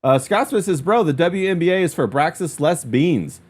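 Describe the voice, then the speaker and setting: A man's voice: a little high, animated, moderate pace, slightly rough. A man hosting a casual livestream, reading viewer comments in a loose, chatty way. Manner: loose and chatty, lots of "uh" and "bro". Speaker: stream host.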